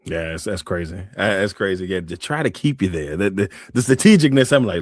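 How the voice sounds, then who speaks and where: A man hosting an interview, talking in a relaxed casual way with many fillers. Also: fairly low pitch, a little fast, few pauses, no room sound, studio quality. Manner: relaxed, many "you know" fillers, brief reactions. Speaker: interview host.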